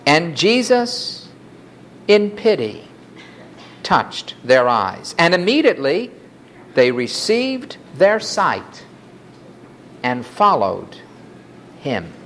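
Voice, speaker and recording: A preacher reads scripture slowly and deliberately, and the pitch swings widely from line to line. Faint room noise sits behind the voice. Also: huge pitch swings, a bit bright. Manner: reads scripture aloud, raising the voice for quoted cries. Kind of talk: sermon with scripture reading.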